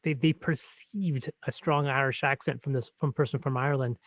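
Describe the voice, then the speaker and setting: A man's voice: medium pitch, steady tone, moderate pace, dry recording, low-quality recording. A Canadian man co-hosting a podcast, rambling and self-correcting as he tells stories. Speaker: podcast co-host. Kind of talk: podcast chat.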